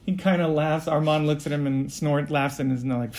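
A man running a tabletop role-play, narrating the scene in a relaxed, loose way full of fillers. His voice sits a bit high for a man, and he moves it along briskly. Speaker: game master.

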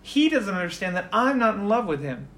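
A game master voicing a weary, discouraged young male vampire who speaks quietly. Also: mid-range voice, big pitch swings, fairly quick, voice pushed up. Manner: tired, quiet, pleading.

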